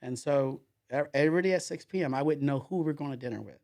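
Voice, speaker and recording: A man's voice: fairly high pitch, fast talker, darkish tone. A man being interviewed as a podcast guest, telling a story in a rambling way, with many repeated fillers and restarts.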